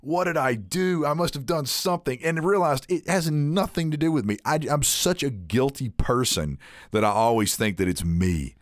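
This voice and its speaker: A man's voice: mid-range voice, moderate pace, no echo, clean studio sound. A young man co-hosting a casual podcast, laughing often and swearing as he chats. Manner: lively, laughing, profane. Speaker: podcast co-host.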